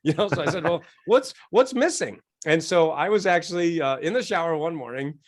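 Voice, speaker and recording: A middle-aged man speaks as an interview guest in a slightly higher register. He tells stories with lively energy, acting out quoted voices and laughing often. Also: a little fast.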